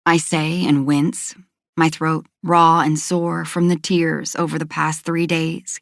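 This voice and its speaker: Low-voiced woman narrating a romance audiobook. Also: fairly even intonation, a little slow, no echo, studio quality. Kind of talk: first-person romance narration.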